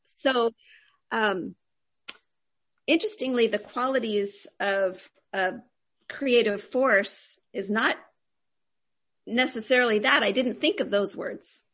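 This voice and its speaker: A woman's voice: fairly high pitch, slow pace, pauses often, fairly bright tone. A woman student sharing in class, hesitant and full of fillers.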